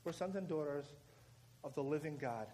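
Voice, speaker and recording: A man preaching at a prayer meeting, giving directions and leading the crowd in a chant that he drives louder with shouted commands. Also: a little high, normal speed. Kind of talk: sermon and call-and-response chant leading. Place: church or prayer meeting hall. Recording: live room with crowd and background noise.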